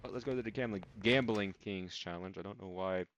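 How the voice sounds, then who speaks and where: A man's voice: lowish voice, brisk, lo-fi sound, a little hiss or hum. Rambling young Texan man, swearing. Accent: light Texan. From Texas. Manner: rambling, profane, casual. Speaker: gaming YouTuber. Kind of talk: let's play commentary. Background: game music.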